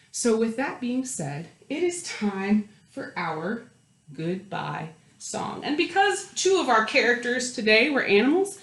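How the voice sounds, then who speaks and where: A woman hosting a children's storytime, reading aloud and chatting to young kids in a bright, lively sing-song manner. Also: mid-range voice. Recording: roomy echo with piano. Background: piano.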